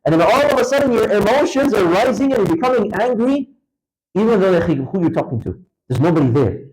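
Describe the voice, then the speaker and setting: A man teaching a religious lecture to a class in a mosque, talking to listeners directly and telling lively examples with big swings in his voice. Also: fast, low-quality recording. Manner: animated, emphatic storytelling with wide pitch swings; conversational, addresses listeners directly. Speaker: Islamic lecturer. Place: mosque lecture hall, indoors.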